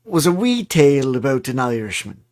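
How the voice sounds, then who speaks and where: A man's voice: mid-range voice, sing-song, moderate pace, darkish tone. A man co-hosting a casual livestream chat, joking and mocking himself. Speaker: co-host.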